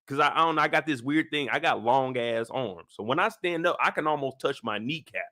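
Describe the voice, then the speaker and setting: A man's voice: mid-range voice, animated, brisk, pushed and bright, no room sound, studio quality. Chatty man hosting a live stream. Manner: loose, slangy, chatty, greets chat viewers by name. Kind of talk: casual live-stream review chat.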